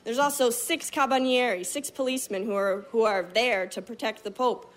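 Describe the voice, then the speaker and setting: A woman telling a story on a stage, animated and vivid, switching voices to act out scenes. Her voice sits a little high, and she tells it with a performer's sense of timing. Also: moderate pace. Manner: animated, vivid, acts out other people's lines.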